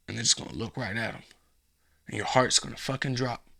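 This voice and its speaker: A man hosting a comedic commentary podcast, riffing with swearing, repetition and dramatic pauses. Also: mid-range voice, vocal fry, pushed and bright, slightly rough. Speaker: podcast host.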